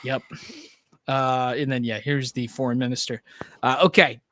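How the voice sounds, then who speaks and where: A man's voice: medium pitch, level tone, normal speed, sharp tone, dry recording, studio quality. A male podcast host chatting loosely about politics with a wry, filler-heavy delivery. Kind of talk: casual political chat.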